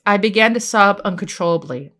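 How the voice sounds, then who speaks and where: Brief: woman narrator for a first-person audiobook, bright voice, expressive and animated delivery. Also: medium pitch, fairly quick.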